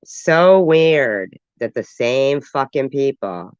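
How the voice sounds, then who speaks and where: A man's voice: medium pitch, expressive, takes it slowly, smooth, dry recording. A man chatting on a casual live stream, drawling with offhand asides. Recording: dull lo-fi dry audio.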